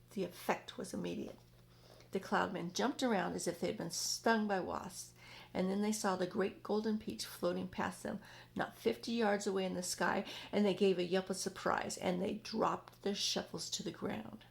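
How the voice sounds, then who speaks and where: A woman reading a children's book aloud in an expressive, dramatic way. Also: mid-range voice, moderate pace, creaky. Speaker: storyteller.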